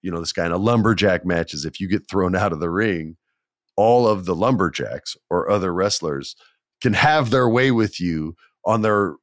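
A man telling a casual anecdote as a guest, animated, acting out what people said and laughing often. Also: low voice, no echo, clean studio sound.

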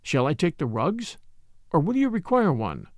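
A man's voice: fairly high pitch, wildly swooping pitch, moderate pace, dry recording, studio quality. A man voicing a thin, proper lady's maid who speaks formally and deferentially in a storybook reading. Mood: dutiful.

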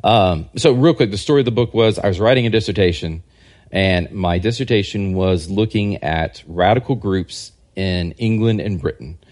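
A man, a historian and scholar, giving a casual podcast interview and telling rambling, animated anecdotes. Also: sits low, moderate pace. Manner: rambling, animated anecdotes that act out quoted people. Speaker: guest historian and religious scholar.

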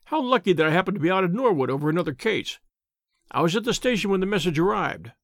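A husky, wheezing police inspector, stout and full of himself, booms his theories in an audiobook reading, as a man puts him on. His pitch leaps high and swings all over the place, with a gravelly edge. The sound is close and dry. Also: animated, quick pace, no echo. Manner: pompous, loud and boastful. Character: stout blustering middle-aged police inspector. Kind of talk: audiobook character voice.

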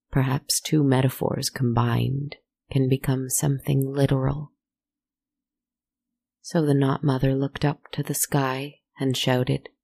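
A storyteller narrating a slow, meditative tale in a soft, reflective manner, with asides to the listener. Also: mid-range voice, creaky, dry recording.

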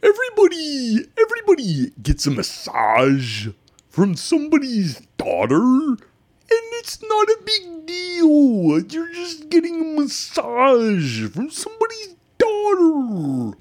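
A man putting on the voice of a flippant woman who shrugs off a scandal, in a high, swooping falsetto. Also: huge pitch swings, takes it slowly, a little mellow, exaggerated voice.

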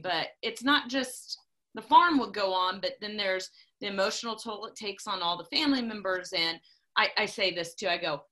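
A middle-aged woman talking casually, blunt and emphatic, often repeating herself for force. Her voice is bright and forward, sitting in the ordinary range for a woman. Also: mid-range voice, normal speed. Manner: emphatic, blunt and repetitive when preaching farm safety. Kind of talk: casual chat.

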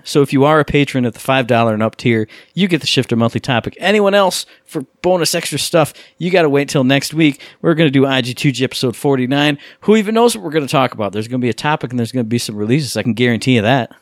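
A young man co-hosting a casual gaming podcast, excitable and swearing freely, on a close mic. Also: mid-range voice, quick pace, hardly any pauses, dry recording. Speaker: podcast co-host.

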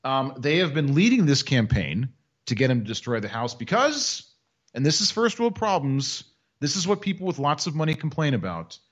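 A man's voice: medium pitch, sing-song, moderate pace. Guy doing a sarcastic podcast bit, voice bounces all over, kinda dull lo-fi sound. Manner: sarcastic, mocking storytelling. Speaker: podcast co-host. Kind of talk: casual chat.

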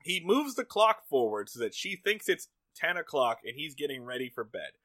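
A man's voice: fairly high pitch, sing-song, normal speed, fairly bright tone, no room sound. A man co-hosting a casual podcast, recapping a TV episode with jokes, swearing and sarcastic asides. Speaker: podcast co-host.

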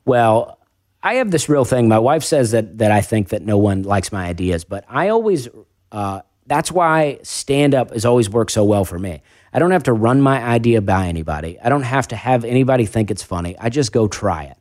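A man's voice: medium pitch, expressive, normal speed, darkish tone, no echo, clean studio sound. A man with a faint Southern accent, a stand-up comedian talking casually on a podcast, rambling and self-deprecating with lots of restarts. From American South.

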